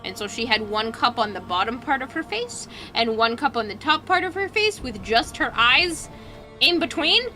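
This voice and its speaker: A woman's voice: on the high side, animated, normal speed, pushed and bright. Swearing woman streamer chatting over music. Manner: swears freely, storytelling, laughs often. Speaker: livestreamer. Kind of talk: casual chat while working on cosplay. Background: music playing.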